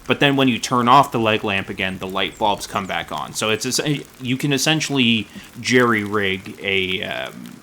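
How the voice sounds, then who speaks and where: A man's voice: fairly low pitch, very animated, normal speed, few pauses, pushed and bright, a little hiss or hum. A man giving casual, rambling gameplay commentary, self-deprecating and full of dad jokes. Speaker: gaming YouTuber.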